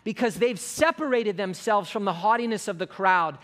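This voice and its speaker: A high-pitched man delivering a sermon from the pulpit. He reads scripture and hymn lines slowly and softly, then lifts his voice as he builds toward a climax. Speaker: pastor.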